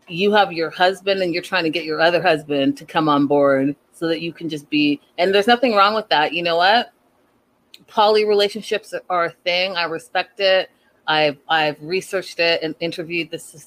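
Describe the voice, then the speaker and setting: A woman recapping a reality show in casual, gossipy commentary, animated and incredulous. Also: on the low side, rough recording.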